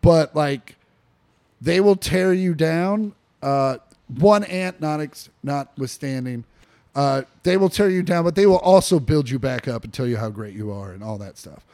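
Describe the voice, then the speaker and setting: A man's voice: a little high, expressive, measured pace, warm tone. A young man co-hosting a casual podcast from a living room, rambling with lots of fillers, restarts and swearing. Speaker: podcast co-host.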